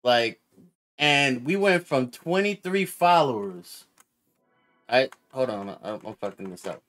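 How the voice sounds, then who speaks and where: A man streaming, chatting casually in an excitable, slangy way, and he swears now and then. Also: medium pitch, slow, faint music behind.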